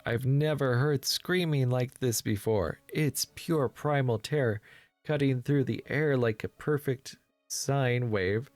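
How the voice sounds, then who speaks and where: A man's voice: slow, darkish tone, dry recording, faint music behind, natural voice. A man reading the inner thoughts of a frightened, tied-up schoolgirl in a game, his voice rising when she panics. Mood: horrified. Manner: reads the inner monologue aloud, pitching up when panicked. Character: frightened bound schoolgirl, teenage, helpless. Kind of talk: let's play voice reading.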